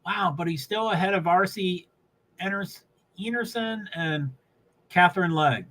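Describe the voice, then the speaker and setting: Bright, chatty New man. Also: high-pitched, measured pace. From New England. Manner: rambling, self-interrupting, chuckling often. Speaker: live streamer. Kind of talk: casual live-stream chatter while watching a race.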